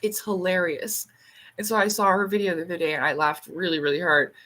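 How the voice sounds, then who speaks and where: A woman's voice: on the low side, little pitch movement, a little fast, bright, forceful tone. Chatty woman livestreaming over dinner. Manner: rambling, laughs often, swears casually; reads out and answers viewer comments. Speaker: livestream host. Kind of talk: casual chat on a livestream.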